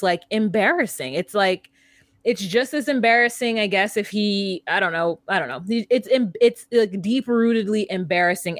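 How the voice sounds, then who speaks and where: An earnest woman co-host who analyzes and thinks out loud, restarting her sentences as she goes. Her voice is mid-pitched and recorded close and dry, with no room sound. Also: dry recording. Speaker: podcast co-host. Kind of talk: casual analytical chat.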